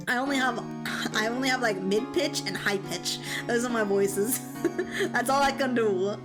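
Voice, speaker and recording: A woman's voice: on the high side, unhurried, long pauses, loud music behind the voice. Bubbly giggly young woman streamer. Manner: bubbly and giggly, greeting chat. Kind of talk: casual live-stream chat.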